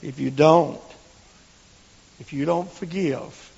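A man preaching a sermon in folksy storytelling, dropping to hushed whispers and rising to shouts. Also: fairly high pitch, a little slow, creaky, slight background noise. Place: church. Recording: echoey lo-fi church recording.

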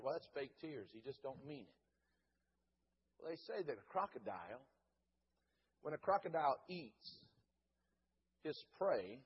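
A man preaching a Pentecostal sermon in a church, chanting and shouting his lines with rhythmic "uh" breaks. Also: on the high side, slightly rough, dull audio. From Dayton, Ohio.

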